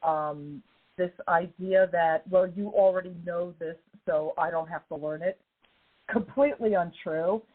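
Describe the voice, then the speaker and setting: A woman hosts a casual podcast chat, her voice slightly hoarse as she recovers from illness. She talks effusively and presses her points home. The sound is narrow and phone-like, as if over a call line. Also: lowish voice, a little slow. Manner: warm, effusive, emphatic. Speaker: podcast host.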